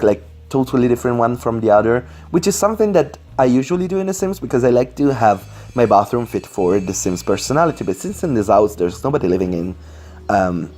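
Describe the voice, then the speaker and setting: At home with his computer on his lap, a non-native English speaker talks over his Sims speedbuild in a casual, rambling way, apologizing often and using many fillers. The voice is a little mellow and on the low side.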